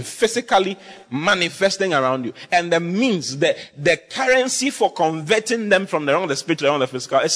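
A man preaching a sermon as pastor, in an animated, repetitive style full of rhetorical questions. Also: sits high, breathy edge.

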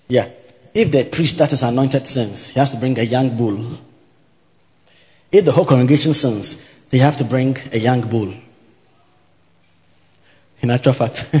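Preaching to his congregation in a mid-range, darkish voice, this man drills each point through repetition and keeps asking if they're following along, with an occasional "hallelujah". His sound is dull and echoes around the hall.

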